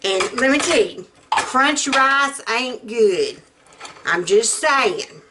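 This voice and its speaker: A middle-aged home cook shows off a recipe in her kitchen, her slow, animated voice on the high side as she rambles in a folksy manner. There's some background noise.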